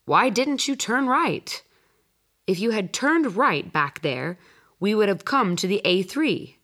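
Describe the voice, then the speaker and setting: A woman's voice: mid-range voice, lively intonation, slow, fairly bright tone, pitched above the performer's own voice, exaggerated voice. A woman reading the lines of a fussy husband complaining about directions in a listening-test story. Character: fussy middle-aged husband in a car.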